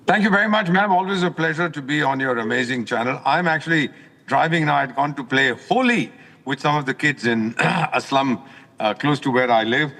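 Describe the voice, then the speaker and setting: An older man, a former diplomat, calling in to a news broadcast while driving, speaking in a forceful, indignant, lecturing manner. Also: a little high, brisk, in a large hall. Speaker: former ambassador, guest commentator. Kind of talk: phone-in commentary while driving. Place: in a car.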